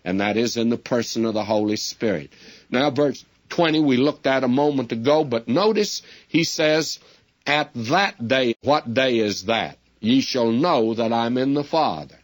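A man's voice: mid-range voice, animated, measured pace. A man preaching a sermon as a Bible teacher, speaking earnestly and addressing his listeners directly as friends. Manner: storytelling with quoted dialogue.

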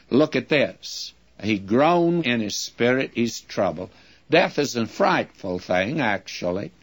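An older man, teaching a Bible passage in a folksy, conversational radio sermon full of asides to his listeners. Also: medium pitch. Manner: folksy, conversational preaching with asides like "you see" and "friends".

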